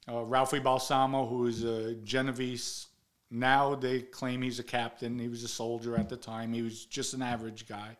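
A blunt older man tells street stories in a casual monologue. He swears freely and talks in a middle-pitched voice, getting loud and sharp whenever he acts out what someone said. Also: level tone, normal speed. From the Bronx, New York. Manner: blunt, profane, acts out quotes in a raised voice. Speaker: show host telling stories.

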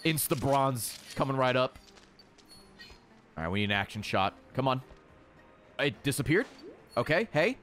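A man hosting a let's play, giving casual game commentary, excitable and heavy on swearing as he talks to the creatures on screen. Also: mid-range voice, normal speed, pauses often, faint music behind.

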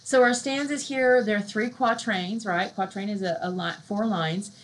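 A woman giving a conversational university literature lecture, who keeps checking in with "right?" and reads poems aloud slowly and softly. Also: medium pitch, fairly even intonation, slight background noise, rough recording.

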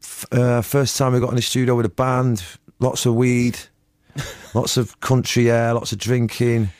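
A man's voice: mid-range voice, little pitch movement, measured pace, darkish tone, no echo, studio quality. A man in his forties with a Manchester accent, chatting as a musician guest in a casual, rambling, slangy way. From England. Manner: rambling, slangy, keeps saying "you know what I mean". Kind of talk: casual interview chat.

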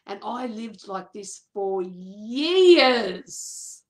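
A woman, a coach telling a personal story to an audience in an animated way, acting out quoted voices and laughing often. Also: a little high, moderate pace.

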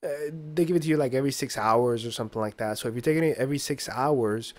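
A man guesting on a podcast, talking in a laid-back way, giving short agreeing replies and pausing often with "uh" and "um". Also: medium pitch, a little mellow. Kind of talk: casual chat.

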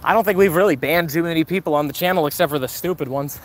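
A man's voice: on the high side, quick pace, slight background noise. A man live-streaming a mobile game outdoors, chatting casually with viewers, joking and thanking donors.

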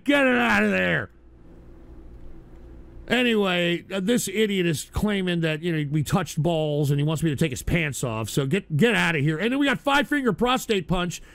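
A man hosts a live stream show in a high, gravelly voice that swings widely in pitch. He rants and swears in exasperation at his chat, flustered as he loses his place. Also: a bit bright. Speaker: livestream radio show host. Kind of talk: profane live stream rant.

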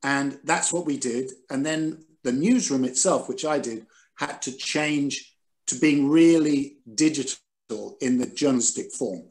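A man in his sixties, a former editor, telling stories over a video call with animated, self-deprecating energy. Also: mid-range voice, a little slow. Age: 60s. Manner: animated, self-deprecating, quotes others dramatically. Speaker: guest, former newspaper editor. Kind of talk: recalled anecdotes in a Zoom conversation.

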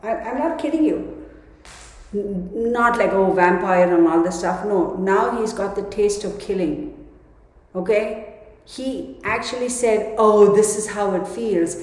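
In a mid-range voice that runs a little slow, a woman offers her viewers a tarot reading as a rambling, casual monologue. She's emphatic and restarts many times, and the echoey room adds a long reverb.

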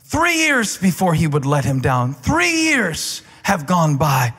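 Husky impassioned preacher in a big hall. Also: male voice, fairly high pitch, huge pitch swings, slow pace. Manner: impassioned preaching, builds to shouts. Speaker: pastor. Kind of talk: sermon. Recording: large hall with long reverb.

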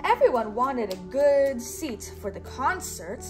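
High-voiced woman reading a storybook aloud. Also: big pitch swings, measured pace, darkish tone, soft background music. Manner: patient, prompting the listener to repeat words. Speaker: teacher.

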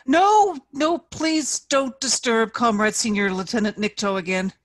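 A woman's voice: on the high side, sing-song, unhurried, no echo, voice pushed up. A woman reading aloud and voicing a nervous young male officer who speaks anxiously and deferentially. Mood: alarmed.

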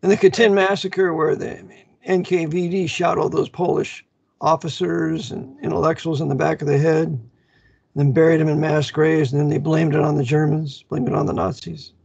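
A man's voice: a little high, fairly even intonation, normal speed, vocal fry, a little mellow, slightly rough, dry recording, muffled recording. A man speaking as a guest in a casual chat, emphatic, cutting in with corrections and asides. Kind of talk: casual conversation.

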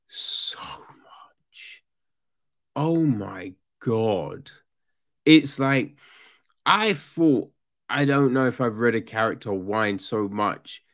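A man on a podcast, casually ranting about a book, swearing a lot and mocking the characters. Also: medium pitch. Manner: animated, profane, mocking voices of characters. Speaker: podcast host. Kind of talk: casual book review rant.

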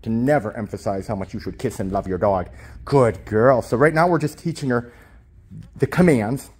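A man's voice: moderate pace, husky. A man explaining dog training in a casual lesson, talking into a camera he holds himself. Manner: switches between calm explanation and high-pitched baby talk praising the dog. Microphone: handheld camera.

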